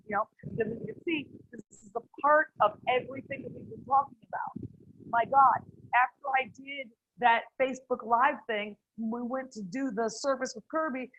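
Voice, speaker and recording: Excitable woman leading a faith group on a video call, high voice, muffled dry sound. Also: husky, no echo. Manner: effusive, exclaims often, laughs between thoughts. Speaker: group leader.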